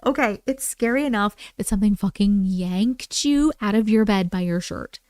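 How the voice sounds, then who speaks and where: A woman hosting a live stream, reading viewer stories aloud and reacting with animated exclamations and swearing. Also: medium pitch, moderate pace, clear, resonant tone, dry recording.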